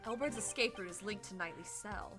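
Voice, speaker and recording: A woman voicing a calm, formal male prosecutor, reading game dialogue aloud in a measured, quiet way. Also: mid-range voice, music in the background, pitched below the performer's own voice, close to an everyday voice. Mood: composed.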